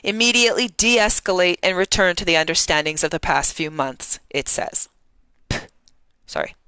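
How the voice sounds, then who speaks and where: A woman's voice: lowish voice, animated, moderate pace, bright, forceful tone, smooth, no echo. A woman journalist giving heated, indignant live-stream news commentary and reading out timeline entries.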